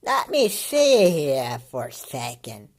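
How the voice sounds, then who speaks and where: A man's voice: fairly high pitch, wildly swooping pitch, slow, a little hiss or hum. A man giving casual, mocking commentary on a video, rambling with many fillers and restarts and laughing often.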